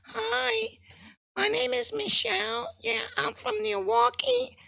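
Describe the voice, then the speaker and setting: A man voicing an excited young woman calling in to a podcast, gushing breathlessly in a squealing falsetto. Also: slow, gravelly, heavily acted. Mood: starstruck. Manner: breathless gushing, gasps into whispers.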